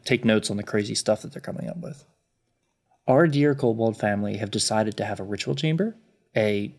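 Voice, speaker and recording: A man narrating a tabletop game as its game master in a relaxed, chatty way. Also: mid-range voice.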